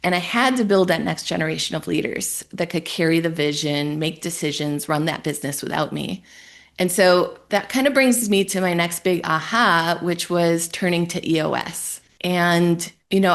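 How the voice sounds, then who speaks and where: A woman from Ohio, a guest on a podcast, telling her story in an animated, emotional way and acting out her own thoughts. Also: lowish voice. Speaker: guest entrepreneur and business coach. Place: home in a Colorado town.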